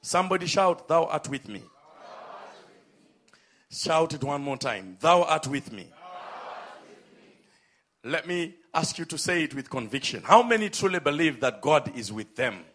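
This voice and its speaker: A man preaching a sermon, with emphatic, drawn-out phrases, calling on the congregation to respond. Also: fairly high pitch, sing-song, fairly bright tone.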